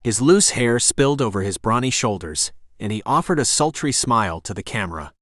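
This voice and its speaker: A man narrating an audiobook in a steady, even reading voice, close to the mic. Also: mid-range voice, a little fast, no echo. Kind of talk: scripted narration.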